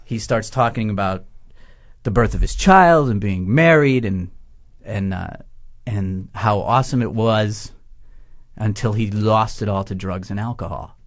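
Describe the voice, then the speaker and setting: A man's voice: on the low side, a little slow. A man from Massachusetts, a podcast guest, telling a story casually and acting out the voices of the people in it. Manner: animated, acts out quoted voices, laughs through the story.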